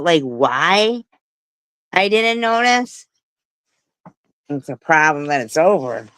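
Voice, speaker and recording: A woman's voice: on the low side, sharp tone, dry recording, low-quality recording. A middle-aged woman hosting a live stream, telling a rambling story with swearing and laughs. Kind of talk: casual live stream chat.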